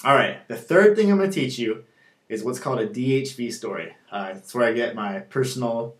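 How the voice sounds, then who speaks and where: Man, dating coach, casual rambling delivery, plays both sides of the dialogue, medium pitch, roomy echo. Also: lively intonation, fairly quick. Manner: loose, filler-heavy, acts out both sides of the dialogue. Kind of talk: casual spoken lesson. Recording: echoey room.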